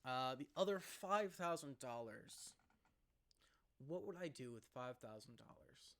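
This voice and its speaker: A young man vlogging casually into a laptop mic, rambling and laughing as he talks, sometimes rushing and sometimes slowing down. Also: mid-range voice, expressive, fairly bright tone. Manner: rambling, laughs often, jumps between fast and slow. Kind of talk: casual to-camera vlog.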